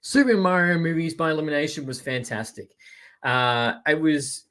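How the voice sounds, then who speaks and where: A man's voice: a little high, normal speed, fairly bright tone. A man hosting a casual movie recap, talking in a chatty, rambling way with plenty of fillers. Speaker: movie news host. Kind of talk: casual spoken review.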